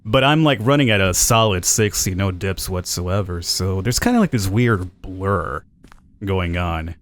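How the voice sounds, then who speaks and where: A man doing let's play commentary, casual and chatty. He thinks aloud as he plays and reads in-game notes out loud. His voice sits somewhat low. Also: measured pace. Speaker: gameplay commentator.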